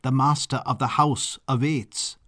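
A man's voice: medium pitch, fairly even intonation, measured pace, a bit bright, close to an everyday voice. A man voicing a formal, courteous castle butler with a pinched voice, in a story reading.

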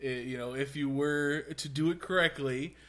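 A man in casual podcast chat, arguing his side calmly with hesitant restarts. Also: mid-range voice, moderate pace, a little hiss or hum. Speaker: podcast co-host.

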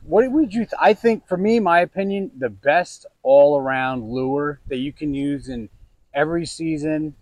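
A young man telling a story in casual chat while fishing outdoors, animated and swearing freely. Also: a little high, poor audio. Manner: animated, swearing, mimics others in quotes. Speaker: podcast co-host.

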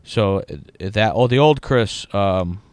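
Profane, smooth-voiced man bantering on a podcast. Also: fairly low pitch, slow, dry recording. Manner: profane, self-mocking, animated storytelling. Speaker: podcast co-host. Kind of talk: casual chat.

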